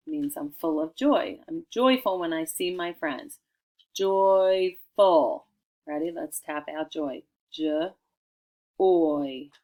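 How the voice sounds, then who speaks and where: A middle-aged woman teacher dictating a recorded spelling lesson for children, sounding out each word slowly and clearly. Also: low-pitched, a little mellow.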